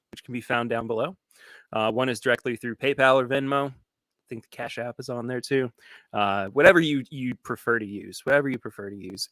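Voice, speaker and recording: A podcast host with a bright, forward, medium-pitched voice chats casually while hosting a live stream from his home studio. He rambles and restarts sentences as he reads viewer comments aloud. The recording is dry, with the room barely audible.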